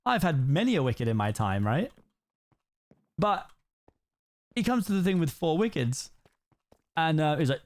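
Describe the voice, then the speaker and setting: A man's voice: on the high side, big pitch swings, moderate pace, long pauses. A British man streaming, chatting casually while he plays and telling rambling stories from his life. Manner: rambling storyteller, peppers talk with "like" and "right?". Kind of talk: casual chat while playing a game.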